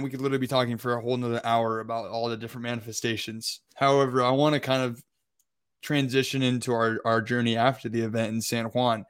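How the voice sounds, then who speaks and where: A young man co-hosting a podcast, telling a travel story in a loose, rambling way with lots of filler words. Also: mid-range voice. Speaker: podcast co-host. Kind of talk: casual storytelling.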